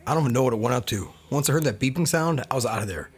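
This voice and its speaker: A man's voice: medium pitch, expressive, very fast. A man hosting a travel vlog, talking casually with wry, candid asides. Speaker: travel vlogger.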